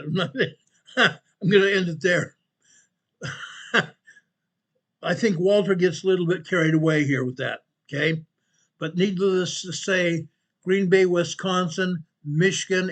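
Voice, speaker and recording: A man hosts a casual emergency news show with plenty of energy. He repeats himself and keeps turning to the viewers as "guys". His voice sits a little higher than most men's. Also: a bit bright. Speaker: host and company president.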